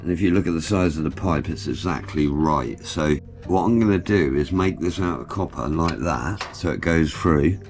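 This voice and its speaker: A man's voice: very deep voice, normal speed. A man chatting casually as he works in his workshop, explaining each step with the odd joke. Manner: chatty, jokey, explains while working. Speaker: car builder vlogger. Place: home workshop.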